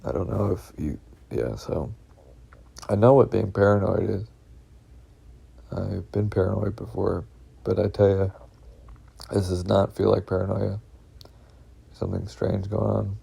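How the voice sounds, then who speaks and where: Brief: man, gravelly low voice, husky edge, anxious rambling vlogger who swears a lot and keeps restarting. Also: steady tone, dark tone. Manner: halting, full of fillers and restarts, heavy swearing; uneasy, anxious telling. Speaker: vlogger recounting personal experiences. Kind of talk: rambling first-person monologue.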